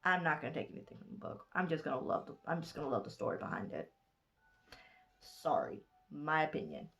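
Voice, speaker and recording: A woman in her twenties with a Southern US accent gives a casual book review vlog. She sounds sleepy from being up late and rambles along in a fairly low voice, stopping to correct herself and gushing over what she loved. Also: sing-song, fast talker, gravelly, fairly bright tone, faint music behind. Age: 20s. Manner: rambling, chatty, gushing, with frequent self-corrections. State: sleepy, yawning late at night.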